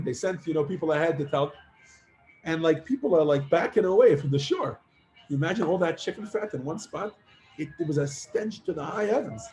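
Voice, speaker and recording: A man teaching a class, telling a long parable with lively acted-out voices and casual fillers. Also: sits high. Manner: animated storyteller, acts out characters with many fillers. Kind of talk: storytelling lesson to students.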